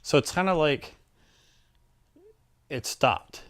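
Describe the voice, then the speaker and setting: A man telling a personal story in a casual, animated way, with many fillers and restarts and acted-out quotes. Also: on the high side, slow pace. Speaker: interviewee telling his story.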